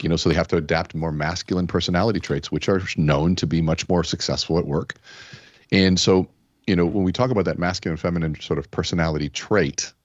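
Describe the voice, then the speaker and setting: With no echo and the highs cut off, the recording captures a low-pitched man who is a keynote speaker and podcast guest. Across a conversational interview he tells stories, gives voice to the characters he quotes, and drops in frequent fillers like "you know."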